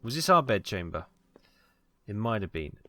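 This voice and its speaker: A man's voice: on the low side, sing-song, normal speed, pushed and bright, no echo. A British man from Wales giving casual, rambling commentary on a game he plays, full of ums and asides, on a close mic at home. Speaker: let's play host.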